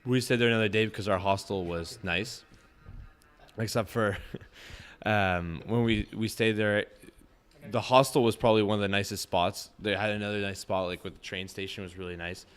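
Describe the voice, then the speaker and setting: A man's voice: fairly low pitch, fairly even intonation, moderate pace, fairly bright tone, clear, resonant tone. A young man from Quebec with a Québécois French accent, a guest telling a travel story in casual chat, rambling with many fillers. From Quebec, Canada. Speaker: podcast guest, backpacker.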